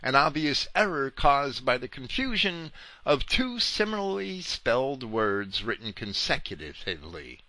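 Slow, bright-toned preacher with wide swings. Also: male voice, medium pitch, big pitch swings, dry recording. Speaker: preacher teaching scripture. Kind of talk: slow verse-by-verse Bible commentary.

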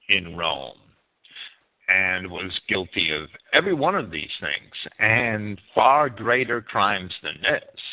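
A man reads a history lesson with a lively voice that swoops high and low on words he stresses. He trips over a word now and then and corrects himself. The sound is thin and tinny, like a phone line. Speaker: history series presenter. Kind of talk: read narration of a history lesson.

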